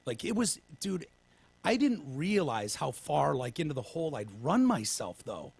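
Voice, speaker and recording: A man's voice: fairly high pitch, big pitch swings, moderate pace, vocal fry, darkish tone, slightly rough, no echo. A man hosting a casual podcast, telling long rambling stories with lots of swearing and restarts, winded as he recovers from pneumonia. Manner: rambling storyteller, swears freely, restarts often. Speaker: podcast host.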